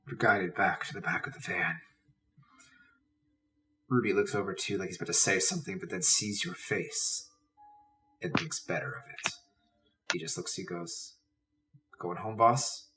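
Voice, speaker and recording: A man's voice: low voice, animated, normal speed, long pauses. A man narrating a tabletop role-playing game as game master, in dramatic second-person narration. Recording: distant mic with faint hiss.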